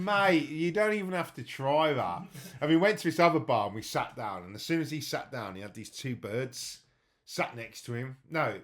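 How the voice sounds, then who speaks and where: A man hosting a podcast, telling crude stories in casual banter. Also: medium pitch. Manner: crude, animated storytelling. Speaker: podcast host.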